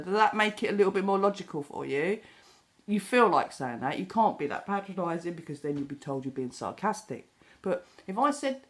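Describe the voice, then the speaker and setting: Exasperated British woman venting with lively, animated delivery. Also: medium pitch, fairly quick. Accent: British English. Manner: exasperated, sarcastic storytelling with acted-out quotes. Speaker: vlogger. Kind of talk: casual chat, ranting. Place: home kitchen.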